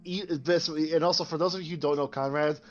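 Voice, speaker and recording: A man's voice: a little high, steady tone, a little fast, lo-fi sound. A man chiming in with jokes during a casual lore chat. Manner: jokey interjections.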